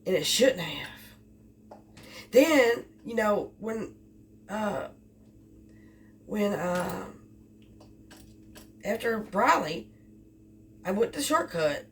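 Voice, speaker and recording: Lady rambling thru a delivery story, kinda far from the mic, mid pitch. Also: big pitch swings, very slow, long pauses. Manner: rambling, repeats herself. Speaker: delivery driver. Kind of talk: casual storytelling vlog. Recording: distant mic with faint background noise.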